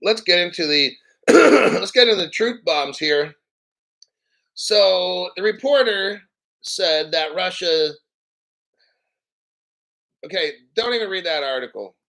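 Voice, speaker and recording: On his live stream, a male crypto host rants brashly and mockingly, swearing freely in a fairly high, bright and forceful voice. He's animated yet slow, with long pauses, and keeps clearing his throat between points, all over poor audio.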